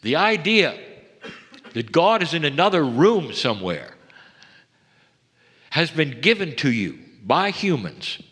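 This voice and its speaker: A man delivering a channeled spiritual message to a seminar audience, measured and intimate, often sinking to hushed tones. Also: on the high side, very animated, slightly rough. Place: seminar hall. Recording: long hall reverb.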